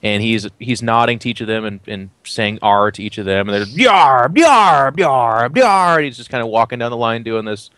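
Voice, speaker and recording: A man running a tabletop game, narrating scenes in a chatty, playful way with plenty of fillers. His voice is low, and the recording is dry and close. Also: flat delivery, fast, few pauses, a bit bright, smooth, dry recording. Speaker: game master.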